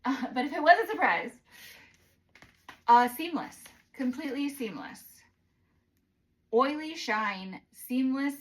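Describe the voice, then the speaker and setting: Sassy, animated woman vlogger. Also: sits high, normal speed, poor audio. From United States. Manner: sassy, animated, drops into whispers for asides. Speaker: vlogger doing product try-ons. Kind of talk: casual chatty vlog.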